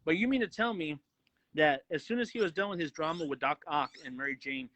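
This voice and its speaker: Bright, excitable man ranting about movies. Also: on the high side, brisk, no echo, rough recording. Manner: excited, profane, acts out quotes. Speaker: podcast co-host, movie reviewer. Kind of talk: casual movie review chat.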